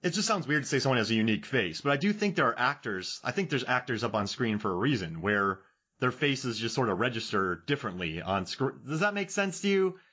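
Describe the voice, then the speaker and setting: A man with a husky, slightly breathy voice, talking casually about a movie. He rambles, restarts and corrects himself, getting animated as he goes. Grew up in Florida. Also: mid-range voice, fairly quick. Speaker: podcast co-host. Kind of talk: casual film discussion.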